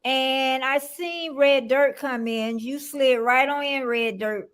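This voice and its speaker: An older woman from Florida hosts a casual livestream in a high, bright voice. She chats easily, laughs a lot and calls out viewers by name. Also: slow pace. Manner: chatty, laughs often, greets viewers by name. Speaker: livestream host.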